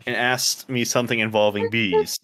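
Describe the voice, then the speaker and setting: A young man co-hosting a casual podcast, telling stories and making dry, deadpan jokes. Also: fairly low pitch, normal speed, poor audio. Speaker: podcast co-host. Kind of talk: casual chat among friends.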